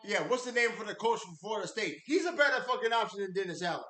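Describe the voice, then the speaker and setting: A man rants profanely as he hosts a live fan stream, stopping now and then to read chat messages aloud. His voice sits high and sounds bright and sharp. The room gives it a roomy echo. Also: animated, fast talker. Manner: profane, heated ranting. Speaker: livestream host and football fan.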